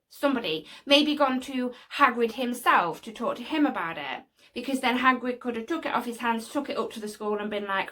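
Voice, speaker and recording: A woman's voice: fairly high pitch, a bit bright. Chatty young woman vlogger. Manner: chatty, opinionated, scolds the character directly. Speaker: video host. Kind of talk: casual opinion vlog to camera.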